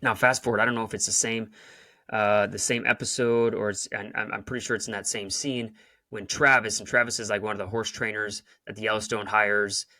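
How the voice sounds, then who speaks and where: Man, lowish pitch, crisp bright tone, dry sound, casual motivational monologue. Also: level tone, a little fast, dry recording. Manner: rambling, restarts, retells scenes with emphasis. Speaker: podcast host and coach.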